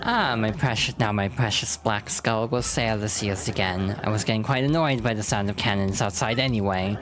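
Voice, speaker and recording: A woman's voice: a bass voice, background noise. Woman putting on a haughty skeleton pirate captain. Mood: gloating. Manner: haughty, drawn-out theatrical threats. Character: boastful ancient male skeleton pirate captain. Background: game music.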